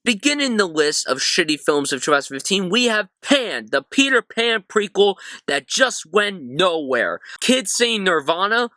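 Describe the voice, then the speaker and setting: A film reviewer hosting his own channel does a casual movie-review vlog from inside a cramped storage closet, sarcastic, animated and swearing. His voice is high and sharp with big pitch swings, and he speaks unhurriedly with few pauses. There's no room sound on the recording.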